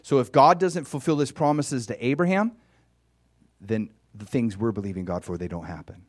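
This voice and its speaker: A man's voice: mid-range voice, normal speed, no echo. A man giving an informal, conversational sermon as a Bible teacher. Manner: animated, conversational, acts out dialogue.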